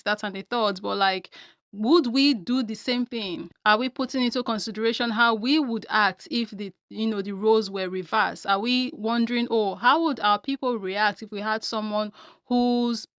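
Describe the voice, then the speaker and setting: A young Nigerian woman with a smooth, resonant and slightly raised voice, thinking aloud for her viewers. She weighs each point and asks question after question, recorded dry and close. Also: a little high, a bit bright, no room sound. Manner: earnest, reflective, many rhetorical questions. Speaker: vlogger. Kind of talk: commentary vlog to camera.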